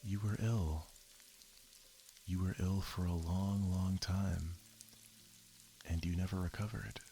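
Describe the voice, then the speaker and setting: A man voicing a sorrowful young woman who gently pleads with her lost lover, in a soft whispered role-play. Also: low-pitched, steady tone, takes it slowly, vocal fry, slight background noise, exaggerated voice. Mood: pleading.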